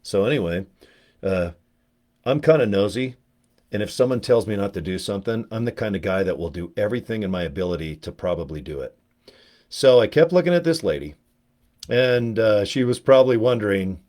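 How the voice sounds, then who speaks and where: A middle-aged man with a fairly low voice tells a long, digressive story from his youth. His humor is crude, and he keeps acting out the people he quotes. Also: lively intonation, a little fast, a little mellow. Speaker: vlogger telling a personal story. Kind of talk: rambling comic storytelling.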